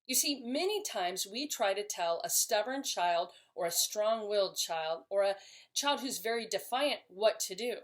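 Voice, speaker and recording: A woman's voice: mid-range voice, expressive, a little slow. A woman giving an earnest, explanatory talk to camera as a parenting educator, sometimes restarting a phrase.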